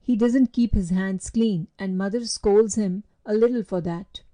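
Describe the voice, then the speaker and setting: A woman voicing a kind, sympathetic little girl who speaks gently and earnestly in a storybook reading. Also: mid-range voice, unhurried, lightly acted.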